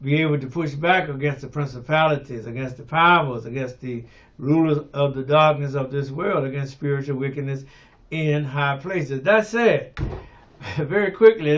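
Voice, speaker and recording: Slow, fervent older preacher, lo-fi. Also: male voice, fairly high pitch. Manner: unhurried preaching with many fillers and restarts, rising to fervent emphasis. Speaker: pastor. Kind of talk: radio sermon.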